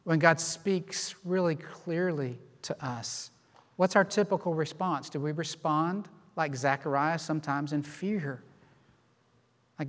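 Man, pastor, sermon, slightly high voice, expressive delivery, long hall reverb. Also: takes it slowly. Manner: expressive, acts out quoted responses.

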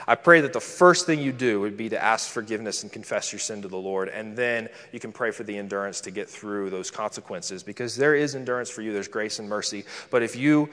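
A man's voice: on the low side, fairly quick, hardly any pauses, a bit bright. A man preaching a sermon in a church, teaching in a casual, conversational way. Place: church hall with a screen. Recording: long reverb of a large hall.

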